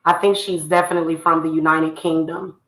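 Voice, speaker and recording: A woman's voice: sits low, little pitch movement, brisk. A woman from the United States, ranting heatedly to camera and scolding people she addresses directly. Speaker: spiritual reader and channel host. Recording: echoey room.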